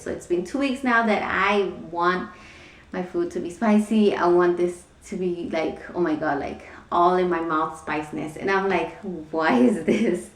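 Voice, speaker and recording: A young woman with a slightly low voice talks through a casual home vlog, rambling and filling pauses as she goes. She sits back from the camera mic, so her voice sounds distant and the room rings around her. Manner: rambling, many fillers, frequent laughs. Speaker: vlogger. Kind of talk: casual pregnancy vlog chat. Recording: echoey room, somewhat far from mic.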